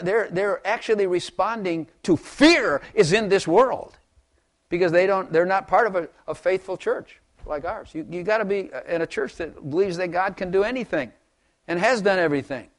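A man's voice: high voice, normal speed. An older man preaching a rambling, folksy sermon to his congregation, chuckling and repeating words as he goes. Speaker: pastor.

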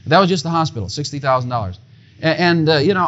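A man in his fifties sharing a heartfelt personal testimony with earnest emotion. His voice sits high and husky, and he often stammers and repeats himself. The recording has a dull, lo-fi sound. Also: lively intonation, quick pace, fairly bright tone.

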